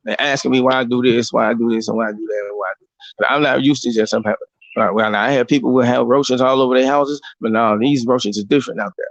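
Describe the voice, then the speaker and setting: A man's voice: mid-range voice, steady tone, fast talker, dry recording, dull audio. A man, hosting a casual talk show and lecturing bluntly, with plenty of profanity and rising emphasis. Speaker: podcast host.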